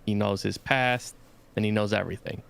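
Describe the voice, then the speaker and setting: Low, smooth-voiced man in measured chat. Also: steady tone, fairly bright tone. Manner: measured, hesitant, many fillers. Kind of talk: casual review chat.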